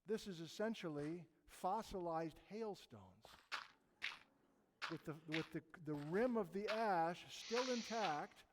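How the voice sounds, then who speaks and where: A man's voice: high-pitched, takes it slowly, background noise. Enthusiastic geologist man in an echoey hall. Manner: enthusiastic, chatty storytelling with self-deprecating asides. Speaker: geologist lecturer. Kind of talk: informal geology talk.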